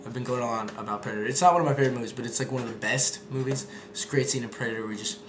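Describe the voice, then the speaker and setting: A man's voice: medium pitch, rapid-fire. A young man chatting casually and rambling, with lots of fillers and swearing. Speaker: video maker. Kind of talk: casual vlog chat. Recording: echoey room with background noise.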